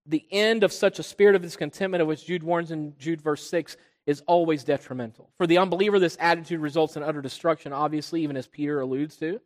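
A man preaching a sermon as pastor. He swells loud on key points and drops low and soft on quiet ones. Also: fairly even intonation, fast, few pauses. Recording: long reverb of a large hall.

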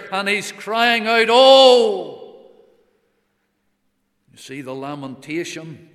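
A male preacher giving a sermon, earnest, swelling on key words and then dropping to a hush. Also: high voice. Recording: long reverb of a large church.

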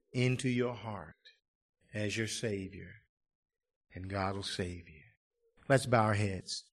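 A man preaching an evangelistic sermon and leading an altar call, swinging from fervent shouts to hushed, pleading appeals. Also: mid-range voice.

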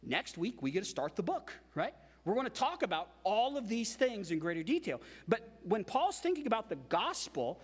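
A man preaching a sermon as pastor, emphatic and animated, with frequent repetitions. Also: high-pitched, normal speed, hardly any pauses, breathy edge, big-room sound.

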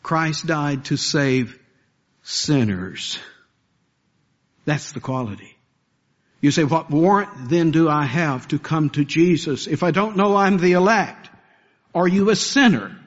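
A man's voice: fairly high pitch, slow pace, long pauses, muffled recording. A man preaching a sermon as pastor, earnest and building to impassioned pleas.

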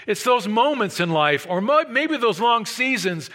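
A man preaching a sermon, swinging between loud emphatic peaks and hushed low asides. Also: animated, normal speed, hardly any pauses. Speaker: pastor.

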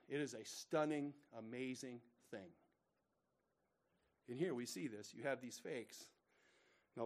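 A male pastor preaching a sermon, emphatic and repetitive, swinging between loud declarations and hushed asides. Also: mid-range voice.

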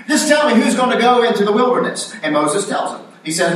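A man's voice: sits high, big pitch swings, brisk, a bit bright. A man preaching a sermon in a conversational style, acting out quoted lines with rising emphasis. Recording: very echoey room, voice from a distance.

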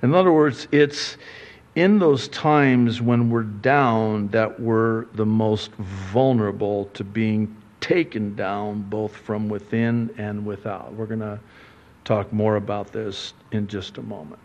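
A man preaching a sermon as pastor, conversational and playful, with lively asides and acted-out quotes. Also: lowish voice, slow, lo-fi sound. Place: church sanctuary.

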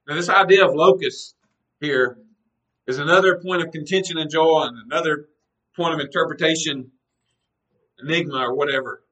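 An earnest male pastor teaching through a sermon, talking conversationally and leaning hard on key words as he reads scripture. His voice is bright and forceful. It comes from some distance off the mic. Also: a little high, moderate pace, long pauses.

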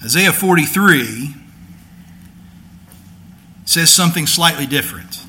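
A man preaching from the pulpit, his voice very bright and ringing and pitched a little high for a man. He teaches in an easy, conversational way, then presses his points with emphatic force. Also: unhurried, pauses often. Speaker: pastor. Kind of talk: sermon.

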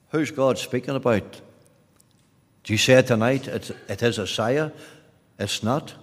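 A man preaching an evangelistic sermon at an evening meeting, emphatic, repeating his phrases and swinging from loud to hushed. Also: medium pitch, a little slow, long pauses, in a large hall. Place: meeting hall at an evening service.

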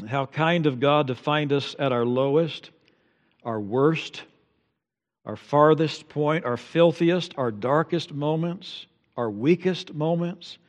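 A middle-aged man preaching a sermon as pastor in a church, swinging from hushed tones to loud, emotive peaks. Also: on the high side. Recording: long reverb in a large hall.

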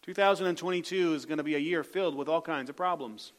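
High-voiced preacher, loud then hushed. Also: male voice, fast talker. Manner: swings from loud emphatic calls to soft low asides. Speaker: pastor. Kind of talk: sermon.

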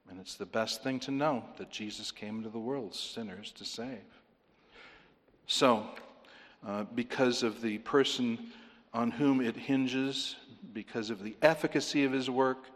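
Man preaching in a reverberant hall. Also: mid-range voice. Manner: earnest, rising to emphatic pleading. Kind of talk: sermon.

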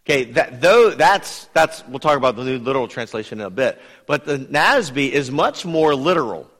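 A man teaching a Bible study in a lively, conversational way, putting questions to his listeners. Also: mid-range voice, moderate pace, in a large hall. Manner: lively, asks the audience questions.

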